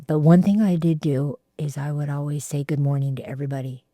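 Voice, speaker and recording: A woman, telling her recovery story in a halting way with repeated words and fillers. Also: sits low, fairly even intonation, dark tone, no echo. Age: 60s. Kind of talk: heartfelt personal testimony.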